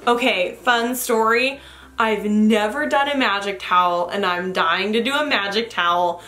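Gushing young woman vlogger, fairly high and very bright, casual and excitable. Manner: gushing, excitable, laughs often. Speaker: vlogger opening fan mail. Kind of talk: casual unboxing chat.

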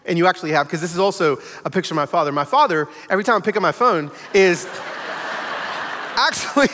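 Male guest preacher, high and expressive, animated storyteller, long church-hall reverb. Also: brisk, a little hiss or hum. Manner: animated, acts out voices in his stories. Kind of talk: sermon storytelling. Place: church auditorium.

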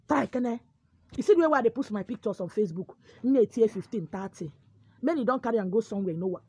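Nigerian Igbo woman, husky higher voice, forceful preachy monologue in a dry close sound. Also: animated, fast talker, no room sound. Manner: forceful, preachy, switching between pidgin and Igbo. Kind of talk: animated monologue.

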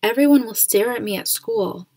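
A woman's voice: on the high side, normal speed, gravelly, a little mellow, husky, no echo, studio quality. A woman doing a shy, anxious young boy. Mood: worried.

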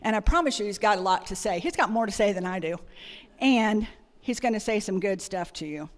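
A woman's voice: mid-range voice, lively intonation, a little fast, long reverb tail. A woman giving a conversational sermon, telling personal stories with frequent fillers. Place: church sanctuary.

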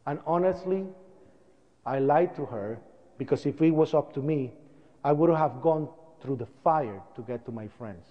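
A man with a Puerto Rican accent telling his story as a public speaker, animated and acting out the voices of people in it. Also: fairly high pitch, a little slow, long reverb tail, muffled recording. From Puerto Rico.

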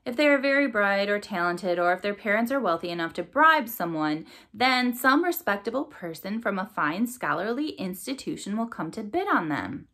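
A woman's voice: medium pitch, big pitch swings, moderate pace, few pauses, a bit bright. A pompous young crow girl from a storybook, lecturing with haughty self-importance, as a woman reading aloud puts her on. She sounds pleased with her own knowledge.

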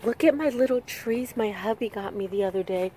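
A young woman chatting excitedly in a casual vlog, telling stories as she moves around her home and yard. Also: medium pitch, a little fast, a little hiss or hum. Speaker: vlogger and makeup artist.

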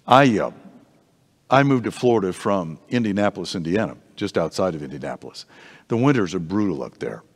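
A man teaching an adult Bible class in a church, conversational and animated, often restarting his sentences, in a reverberant hall. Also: sits low, a little fast, husky.

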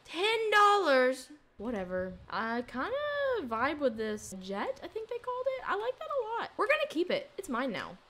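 A young woman giving casual let's play commentary on a life-sim game, reacting excitedly and dramatically to what happens on screen. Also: high voice, normal speed, few pauses. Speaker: gaming YouTuber.

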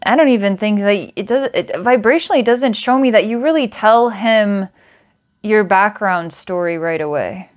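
A woman's voice: mid-range voice, moderate pace. A woman psychic giving a client a past-life reading, meandering with filler words and small laughs. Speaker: psychic reader.

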